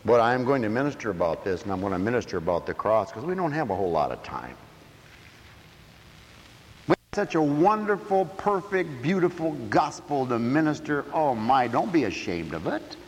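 A man preaching a sermon emphatically, dropping to quiet asides and rising to shouts. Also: medium pitch, sing-song, moderate pace. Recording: echoey hall.

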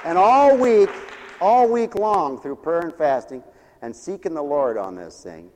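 A man preaching a sermon in a church, swinging from loud to hushed. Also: on the high side, sing-song, a little slow, in a large hall, a faint crowd, slight background noise. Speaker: pastor.

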